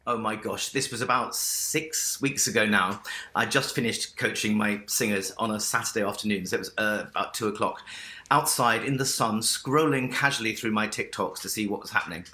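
A man's voice: on the low side, bright, forceful tone, roomy sound. A middle-aged man with a posh English accent, a vocal coach telling his story as an interview guest in a theatrical, effusive way. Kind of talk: enthusiastic interview answers. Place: remote link from home with piano.

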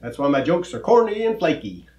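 A man's voice: a little high, big pitch swings, fairly quick, darkish tone, echoey room. A man playing a good-natured cowboy teacher who explains word parts with a folksy drawl and corny jokes. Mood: friendly. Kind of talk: children's comedy skit.

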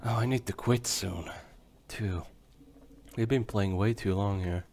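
A man's voice: lowish voice, steady tone, brisk, a little mellow, slight background noise. A young man giving casual let's-play commentary, muttering to himself and breaking into frustrated swearing.

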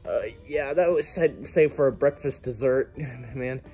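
A man's voice: mid-range voice, a little slow, dark tone, faint music behind, natural voice. A man voicing a rambling plush cowboy toy. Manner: rambling, stumbling over words. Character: goofy plush cowboy toy, gross-out joker.

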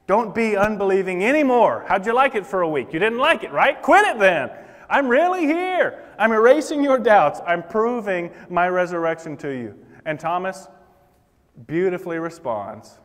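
Male preacher, high voice, fervent sermon delivery, echoing sanctuary sound. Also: lively intonation, measured pace. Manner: impassioned, acts out the Bible figures' words. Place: church sanctuary. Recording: long reverb of a church hall.

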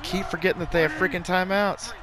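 A young man giving excitable live commentary while playing a football video game, full of exclamations and mild curses. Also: sits high, fairly quick, background noise. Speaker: gaming YouTuber.

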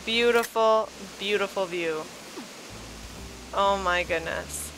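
A woman's voice: mid-range voice, slow pace, fairly bright tone, a little hiss or hum, rough recording. A woman hosting a video tour of a game island, gushing and exclaiming over what she sees, a little sleepy. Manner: gushing, effusive, exclaims often. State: sleepy, yawning. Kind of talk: casual gameplay commentary. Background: background music.

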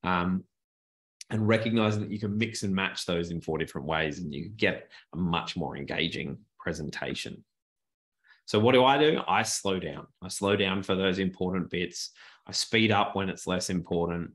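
A man teaching presentation skills in a webinar from his home office, animated and deliberately varying his pace and tone, on a good desk microphone. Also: deep voice.

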